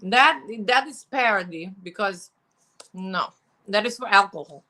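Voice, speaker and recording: A woman co-hosting a comedic talk show as Svetlana, a brash Eastern European woman, in a put-on Russian accent with deadpan, broken English. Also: mid-range voice, a little slow. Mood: deadpan blunt. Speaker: co-host.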